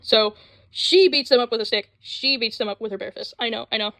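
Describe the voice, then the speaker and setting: A young woman rambling excitedly about anime in a casual vlog, full of fillers and sudden jumps in voice. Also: a little high, dry recording. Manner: rambling, excitable, with frequent fillers and quick voice switches. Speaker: anime vlogger. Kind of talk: casual chat. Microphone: phone mic.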